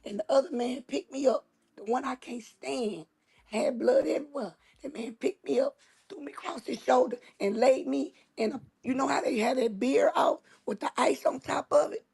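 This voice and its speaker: A woman's voice: sits high, normal speed, creaky, a little mellow, husky. A woman host, telling a story in casual chat, with emphatic, dramatic repetition. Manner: emphatic, dramatic retelling with repeated phrases.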